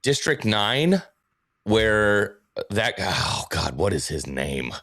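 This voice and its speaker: A man's voice: on the low side, sing-song, slow, fairly bright tone. A man as a guest on a casual live stream, rambling and searching for words with many fillers.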